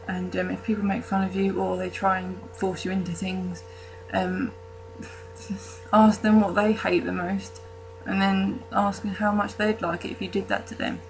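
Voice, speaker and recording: A woman's voice: mid-range voice, flat delivery, normal speed, gravelly, background noise. A young woman from the UK talking casually to camera in her vlog, rambling with fillers and restarts and self-mocking jokes. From United Kingdom. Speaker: vlogger.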